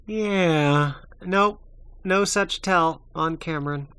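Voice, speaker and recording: A man guesting on a podcast, answering in casual chat with halting restarts and laughs. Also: fairly high pitch, pushed and bright, clean tone. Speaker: podcast guest, former reality show contestant.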